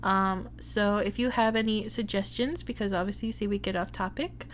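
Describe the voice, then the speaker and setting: A woman's voice: mid-range voice, fairly even intonation, fairly quick, slight background noise. A woman from Arizona co-hosting a casual movie podcast, chatting in a rambling way with lots of fillers. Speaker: podcast co-host. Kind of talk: casual chat.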